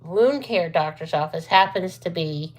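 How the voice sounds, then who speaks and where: Rambling chatty woman vlogger, lower voice. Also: unhurried. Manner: rambling, chatty, full of asides and self-corrections. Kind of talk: casual storytelling to camera.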